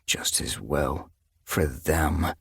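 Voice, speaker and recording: A somber, loyal young tomcat warrior speaks with a dry, grave weight, as a male narrator plays him. The voice sits low with a husky grain. It is a close, dry audiobook read. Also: normal speed, no echo, exaggerated voice. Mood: growling.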